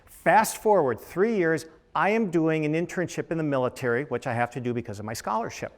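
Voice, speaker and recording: A man's voice: on the high side, brisk. Storytelling dermatologist, a middle-aged man. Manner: storytelling with quoted voices and rhetorical questions. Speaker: panelist, dermatologist. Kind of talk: panel talk to students.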